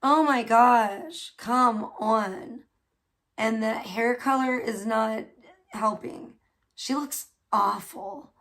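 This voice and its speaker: A woman chats to her livestream viewers from her home, her voice sitting a touch high. She gossips loosely and swears often, breaking off now and then to scold her cat. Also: drawn-out words, fairly bright tone. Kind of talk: casual livestream chat. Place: at home indoors.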